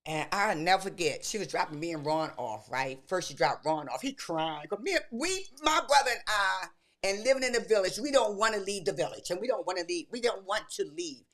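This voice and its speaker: A woman in her sixties, a podcast guest, telling lively stories in casual chat and acting out her younger self. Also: medium pitch, brisk. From Baltimore. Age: 60s. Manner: animated storyteller, acts out her younger self.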